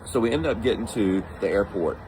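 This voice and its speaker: A man from the United States telling a personal story in a casual, animated way, acting out the voices of the people in it. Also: on the low side, a little fast, background noise. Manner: animated, acts out quoted voices.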